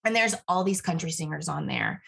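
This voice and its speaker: A young woman in casual chat, bubbly and quick to laugh. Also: deep voice, expressive, gravelly, a bit bright, husky.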